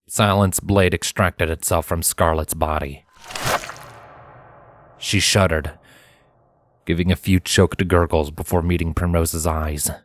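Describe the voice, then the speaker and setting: A man reading a fan story aloud in dramatic, expressive audiobook narration. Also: sits low, no echo. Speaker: fanfiction reader.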